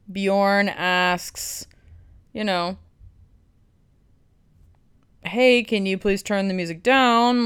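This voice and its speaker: A woman's voice: fairly low pitch, clear, resonant tone. A woman podcast host recapping a film in a blunt, sarcastic way, swearing freely.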